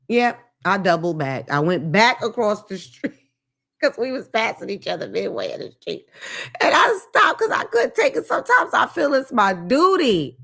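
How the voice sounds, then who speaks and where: A woman podcast host delivering a comedic rant, blunt and full of swearing. Her pitch swings widely, climbing and dropping as she tells her story, and she keeps it loose and conversational. Her middle-range voice carries an unfiltered, opinionated edge. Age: adult with grown children. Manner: profane, animated, blunt.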